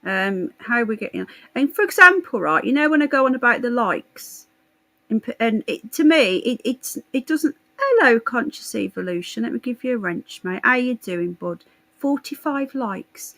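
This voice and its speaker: A woman's voice: a little high, animated, moderate pace, sharp tone, low-quality recording. A woman hosting a live stream, chatting casually with viewers in a blunt, sarcastic and sweary way. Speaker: livestream host.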